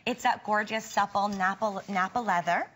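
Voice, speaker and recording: A woman's voice: mid-range voice, normal speed, fairly bright tone, a little hiss or hum. A woman presenting on a shopping channel, persuasive and reassuring as she talks through a product's features. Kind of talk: live TV sales pitch. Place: TV studio.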